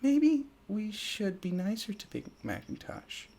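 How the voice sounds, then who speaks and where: A man playing a shy, soft-spoken pony mare. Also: sits high, huge pitch swings, a little slow, gravelly, voice pushed up, heavily acted. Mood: gentle. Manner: soft, hesitant. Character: timid gentle mare pony.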